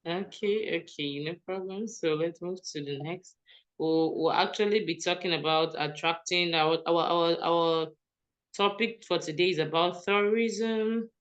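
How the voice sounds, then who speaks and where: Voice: medium pitch, unhurried, a bit bright, lo-fi sound. An English teacher leading an online language class, guiding students with friendly, easygoing prompts.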